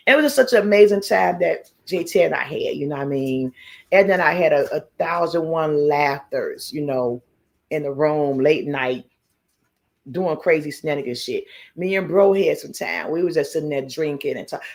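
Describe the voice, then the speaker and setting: A woman's voice: sits low, gravelly, darkish tone. A woman hosting a casual live stream, telling stories animatedly, laughing often, swearing freely and greeting chat viewers by name. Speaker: livestream host.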